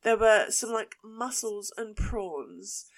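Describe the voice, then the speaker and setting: A woman with an Essex accent, hosting a podcast and telling a story in an animated, casual way, swearing freely. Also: mid-range voice, slow, crowd noise. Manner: animated, swears and laughs while telling stories. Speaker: podcast host.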